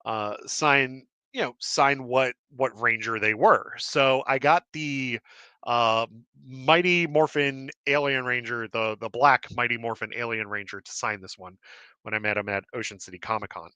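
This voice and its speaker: A man hosting a live show in casual chat, rambling and excitable with many fillers and restarts, a little out of breath. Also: mid-range voice, a little slow, clean tone, dry recording. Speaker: host. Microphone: desk mic with cord.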